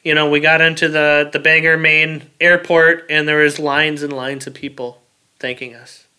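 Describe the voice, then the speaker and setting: A man, a military veteran, talking plainly in a casual interview, halting with fillers and repeated words. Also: on the high side, flat delivery, pushed and bright, smooth.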